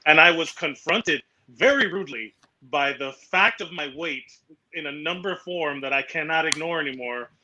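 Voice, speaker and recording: A man's voice: on the high side, moderate pace, lo-fi sound, noisy background. A man co-hosting a podcast, joking in a self-mocking way in casual chat. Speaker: podcast co-host.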